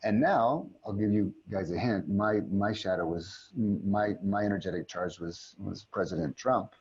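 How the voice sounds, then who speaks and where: A middle-aged man, an aikido teacher, calmly guiding a community call through a reflective exercise, often restarting his sentences. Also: fairly low pitch, measured pace, breathy edge, muffled recording. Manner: calm, reflective, many restarts. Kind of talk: guided teaching talk. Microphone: video call.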